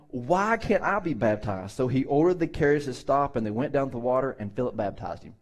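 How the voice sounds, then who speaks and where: A man's voice: mid-range voice, expressive, fairly quick, few pauses. A man pastor preaching a sermon in a conversational way, acting out the people in Bible stories with voices.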